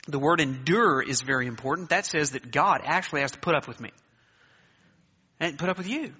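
A male pastor preaching a sermon, emphatic, with dramatic pauses, urging the congregation to answer aloud. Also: a little high, sharp tone, slightly rough. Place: church sanctuary. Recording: echoey hall, dull lo-fi sound.

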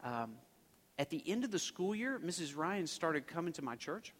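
A man's voice: a little high, big pitch swings, normal speed, fairly bright tone. Male preacher, conversational and rambling, reverberant sanctuary sound. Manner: conversational, rambling with restarts and fillers. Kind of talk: storytelling sermon. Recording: long reverb of a large hall.

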